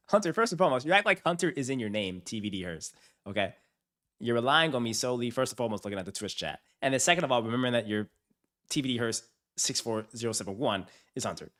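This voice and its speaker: Lively hyped-up male streamer. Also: mid-range voice, fast. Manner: hyped, slangy, talks to chat. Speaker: finance streamer. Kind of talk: casual live stream chat.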